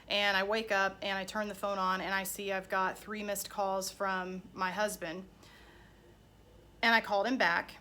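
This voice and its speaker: A woman's voice: medium pitch, sharp tone. A woman life coach telling a personal story in a candid, conversational way.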